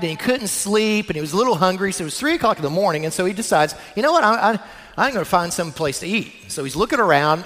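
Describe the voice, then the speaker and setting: Lively high-voiced preacher in a hall. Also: male voice. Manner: animated storytelling preacher, addresses listeners directly. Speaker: pastor. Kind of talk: sermon. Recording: long hall reverb.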